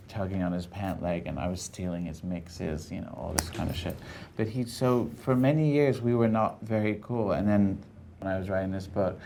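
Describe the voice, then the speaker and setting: A man from England with a mixed American and English accent, a guest telling stories in casual conversation, animated and swearing freely. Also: sits low, vocal fry, slight background noise. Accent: mix of American and English.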